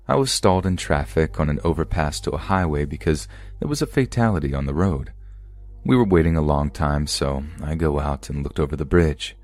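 A man reading true scary stories aloud as a podcast narrator, in a calm, even storytelling delivery. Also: a bass voice.

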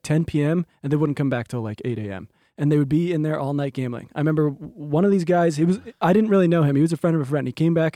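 Casual swearing podcast co-host. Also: male voice, a little high, mellow, no echo, studio quality. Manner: rambling storyteller, swears freely. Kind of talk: casual chat.

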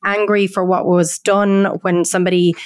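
An Irish woman, a co-author guest in a podcast conversation, speaking earnestly and slowing down on key words. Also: on the low side, little pitch movement, no room sound, studio quality.

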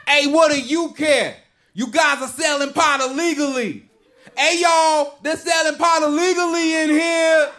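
A man doing a belligerent guy yelling in a shop. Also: very high voice, steady tone, unhurried, pitched above the performer's own voice, full character voice. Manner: shouting, indignant. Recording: live comedy club with crowd laughter.

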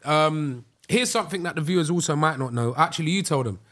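Excitable young man telling stories. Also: fairly high pitch, fast. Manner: animated storyteller, slips into excited voices. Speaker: podcast co-host. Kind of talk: casual chat.

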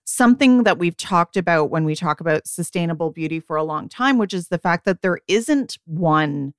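A woman in her forties, co-hosting a podcast as a beauty editor, chatting casually and often quoting herself in quick asides. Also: fairly low pitch, expressive, dry recording, clean studio sound. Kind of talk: casual chat.

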